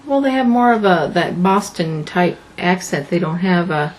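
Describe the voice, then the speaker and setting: Co-host, female, skeptical and curious, animated intonation, faint hiss behind. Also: on the low side, moderate pace, rough recording. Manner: curious, skeptical, asks lots of questions. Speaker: podcast co-host. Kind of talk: casual news chat.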